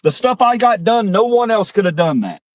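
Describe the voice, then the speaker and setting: A man imitating a boastful braggart, grandiose repetitive superlatives, lifted pitch, very lively delivery. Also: normal speed, poor audio. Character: boastful grown man bragging about everything.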